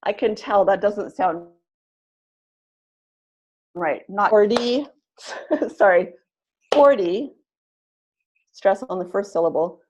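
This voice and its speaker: A woman leading an online teacher-training webinar, speaking clearly and encouragingly and exaggerating the stress on words she models. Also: lowish voice, steady tone, slow pace, long pauses, darkish tone, lo-fi sound. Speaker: webinar facilitator.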